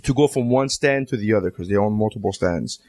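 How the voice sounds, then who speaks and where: A podcast co-host with a lowish voice tells a story fast, in casual, profanity-heavy chat, acting out the quoted voices with animation. The recording is dry, with no echo.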